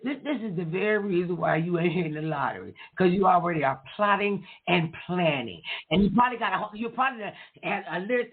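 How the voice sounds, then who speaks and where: A middle-aged woman hosts a talk show in loose, chatty fashion. She tells lively stories and slips into the voices of people she quotes, her voice husky. The sound is thin and tinny, like a phone line. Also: mid-range voice. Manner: animated storyteller, acts out quoted voices. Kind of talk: casual chat.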